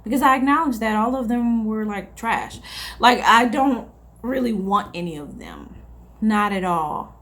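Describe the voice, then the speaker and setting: A woman's voice: on the high side, unhurried, fairly bright tone. A young woman, chatting candidly to her vlog audience, rambling and repeating herself, with sighs along the way. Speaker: vlogger. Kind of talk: casual confessional chat to camera.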